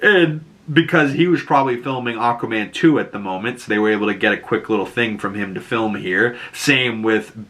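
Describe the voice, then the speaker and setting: Male recap host, casual and rambling, bright tone. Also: on the low side, fairly quick, few pauses. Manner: rambling, loose, peppered with likes and swearing.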